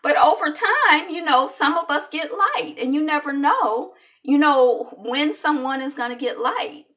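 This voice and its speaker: A woman rambles through a casual opinion talk, stopping and restarting her sentences and acting out bits of dialogue. Her voice sits a little high and sounds bright and forceful. She is slightly off-mic. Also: a little slow, far from the mic. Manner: rambling, animated, with many restarts and acted-out quotes. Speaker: online show host.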